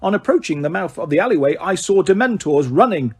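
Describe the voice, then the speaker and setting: A man's voice: sits high, animated, brisk, darkish tone, breathy edge, pitched above the performer's own voice. A man voicing a nervous, quavery elderly woman giving witness, gabbling her words.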